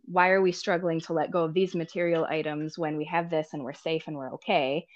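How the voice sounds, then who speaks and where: A woman talking as a podcast guest, telling personal stories in an animated, casual way and laughing often. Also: low voice, fairly quick, lo-fi sound. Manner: animated, laughs often, acts out quoted people. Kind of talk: casual storytelling chat.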